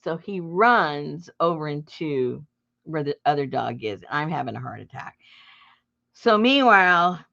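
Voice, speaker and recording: A middle-aged woman with a low, gravelly voice tells a story to her viewers in a casual way. Her pitch swings widely as she acts out the scenes, with bursts of laughter and shouting. The recording is dull and lo-fi. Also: a little slow. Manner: animated, breaks into laughter and loud acted outbursts. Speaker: junk journal crafter and channel host.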